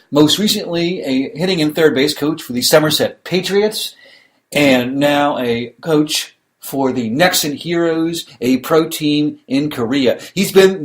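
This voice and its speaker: Guy hosting a podcast, bit high voice, rambles and restarts a lot, chatty. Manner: rambling storyteller with many restarts and fillers. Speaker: podcast host. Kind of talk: casual chat.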